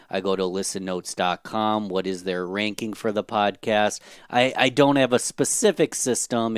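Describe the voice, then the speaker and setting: A man's voice: lowish voice, clear, resonant tone, no echo, studio quality. A man talking through his podcast booking work on a coaching call, thoughtful and open with some hesitant fillers. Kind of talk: casual conversation.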